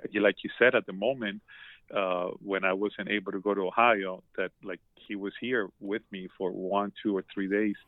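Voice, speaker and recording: A man's voice: on the low side, steady tone, moderate pace, dry recording. A man talking as a podcast guest, telling a heartfelt story with emotion, repeating words and restarting often. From Colombia. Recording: dry, tinny phone-like line.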